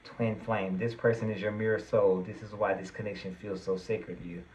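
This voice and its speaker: A man's voice: fairly low pitch, level tone, normal speed, heavy background noise. A man giving a tarot reading to his viewers, earnest and reassuring, at times getting worked up and emphatic. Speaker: tarot reader.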